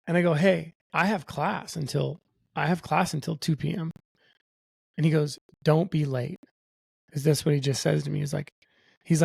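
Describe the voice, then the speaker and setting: Young guy on a podcast, gravelly voice, swears a lot, tells it like a story. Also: on the high side, no echo. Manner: profane, animated, quotes others in his own voice. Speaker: guest. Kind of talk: casual storytelling.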